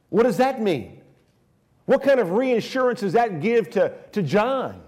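Slow-preaching man with a sermon cadence. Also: sits high, very animated. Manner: swings from hushed, drawn-out phrases to raised emphatic declarations.

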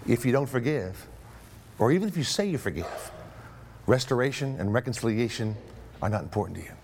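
A man's voice: medium pitch, expressive, brisk, a little mellow, a little hiss or hum. A middle-aged man, a pastor, telling a story in a sermon, acting out both sides of a phone call and stammering when he gets worked up.

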